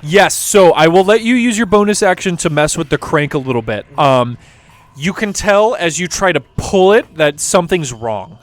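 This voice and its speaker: Man narrating as dungeon master, higher voice. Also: normal speed. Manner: relaxed, rambling narration with fillers. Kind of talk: narrating a tabletop game. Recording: streamed with background music.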